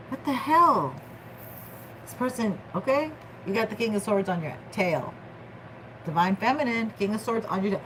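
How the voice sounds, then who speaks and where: A woman's voice: medium pitch, animated, moderate pace, a bit bright, a little hiss or hum, poor audio. A woman doing a casual tarot reading vlog, playful and slangy, joking with her viewers. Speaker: tarot reader.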